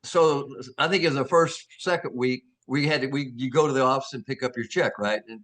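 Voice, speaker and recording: An older actor being interviewed, telling animated stories with many restarts and acting out the voices of people he quotes. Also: mid-range voice, brisk. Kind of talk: anecdotal storytelling.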